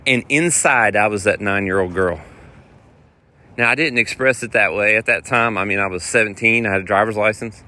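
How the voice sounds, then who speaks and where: A man, a touring guitar player, telling road stories in a rambling, animated way while walking outdoors. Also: on the low side. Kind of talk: casual vlog storytelling. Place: outdoors on city streets. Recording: outdoor street noise and wind.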